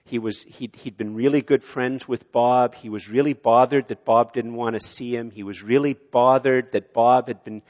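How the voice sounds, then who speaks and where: A man preaching a sermon in a church, swelling loud on key lines and dropping low and quiet on others. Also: fairly even intonation, moderate pace, hardly any pauses. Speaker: pastor. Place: church sanctuary. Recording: long hall reverb of a church.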